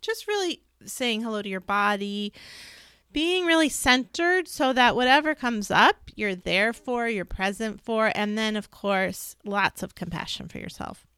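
A woman co-hosting a spiritual podcast, talking fast and rambling with fillers and restarts. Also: fairly high pitch, lively intonation, pushed and bright, clear, resonant tone, no room sound, clean studio sound. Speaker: podcast co-host, intuitive reader. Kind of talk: casual spiritual chat.

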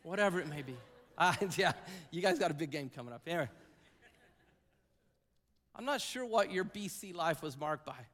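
Male pastor, high voice, conversational sermon, long church-hall reverb. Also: lively intonation, moderate pace, long pauses, a bit bright. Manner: conversational preaching with asides and repetitions. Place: church sanctuary.

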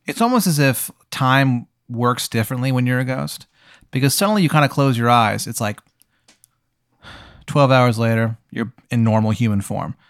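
A man's voice: medium pitch, normal speed, clean tone, no room sound, clean studio sound. A man hosting an improvised role-play game, narrating in a rambling, casual way with lots of "like"s and swearing. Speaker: game host.

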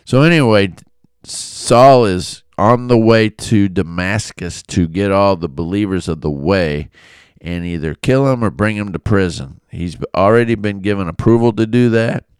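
A man from Illinois giving a casual Bible study talk, conversational and animated, with storytelling asides. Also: fairly low pitch, unhurried, clear, resonant tone, no echo, studio quality. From Illinois, USA. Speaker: Bible teacher.

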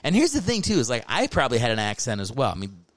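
A man's voice: mid-range voice, huge pitch swings, quick pace, dry recording. A man in his thirties hosting a podcast, talking in a rambling, jokey, casual way full of fillers. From American South and New Jersey. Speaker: podcast host. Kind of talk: casual comedic monologue.

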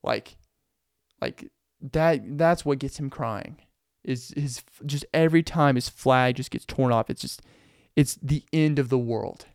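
A young man hosting a podcast, telling rambling, animated stories in a casual monologue and laughing often. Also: medium pitch, measured pace, gravelly, no room sound, clean studio sound. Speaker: podcast host.

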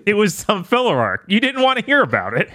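A man's voice: high-pitched, fast talker. A man hosting a podcast, chatting casually and laughing often. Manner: laughs often, lively and joking. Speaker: podcast host.

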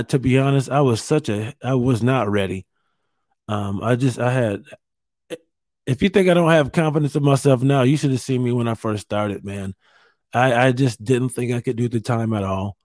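A stand-up comedian from Ohio telling a candid story to camera from a hotel room, pausing often and restarting his sentences. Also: medium pitch, a little mellow, dry recording, clean studio sound. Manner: halting, many fillers and restarts, candid.

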